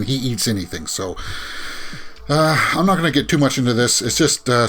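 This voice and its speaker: A man's voice: mid-range voice, fairly bright tone. A man giving casual commentary as a movie news vlogger, rambling with frequent fillers and restarts and sighing, exasperated asides.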